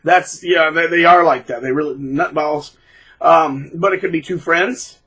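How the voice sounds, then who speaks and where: A man hosting his own channel, talking bluntly and casually, mocking people by acting out quotes in shrill put-on voices. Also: moderate pace, pushed and bright, husky, poor audio. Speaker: channel host. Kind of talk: casual monologue.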